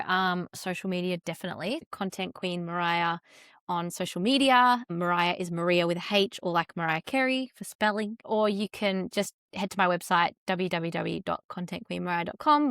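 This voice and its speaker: A young Australian woman talks easily as a podcast guest, her speech full of "like" fillers. Her voice sits a little low and carries a gravelly fry. The recording is dry and close. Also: fairly bright tone, dry recording. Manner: chatty, fast-flowing, with frequent "like" fillers. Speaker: podcast guest, content strategist. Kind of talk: casual interview chat.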